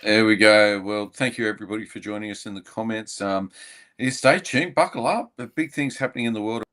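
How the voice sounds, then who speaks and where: A man co-hosting a casual podcast, talking in a rambling way with many filler pauses and restarts. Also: lowish voice, pushed and bright. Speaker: podcast co-host.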